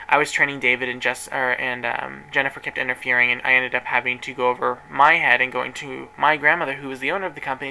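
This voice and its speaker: A man's voice: medium pitch, vocal fry, pushed and bright, a little hiss or hum, low-quality recording. A young man telling a personal story in an emotional, rambling way, with many restarts. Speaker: vlogger.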